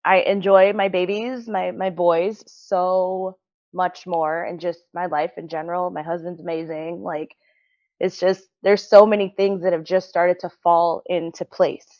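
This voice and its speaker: A woman's voice: on the low side, steady tone, measured pace. A woman guest on a podcast, sharing a personal story in an earnest, heartfelt, reflective way. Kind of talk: personal story in casual interview. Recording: dull lo-fi sound.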